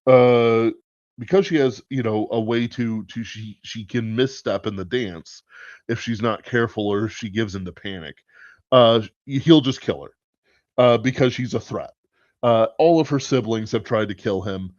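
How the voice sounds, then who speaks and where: A medium-pitched man with a darkish tone hosts a podcast, speaking at a normal speed in loose commentary peppered with occasional swearing. The audio is dull and lo-fi, dry and free of echo.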